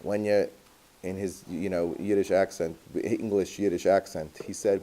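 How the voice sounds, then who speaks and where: A rabbi with a low, mellow voice tells a personal story to his class. He talks in a lively, anecdotal way and drops Yiddish and Hebrew words along the way. He sounds relaxed and conversational. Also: normal speed.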